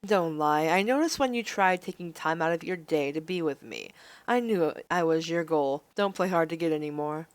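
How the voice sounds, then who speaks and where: A woman's voice: sits low, normal speed, dry recording, pitched below the performer's own voice, natural voice. A woman voicing an arrogant, manipulative young male noble with cold, domineering threats, reading a visual novel aloud.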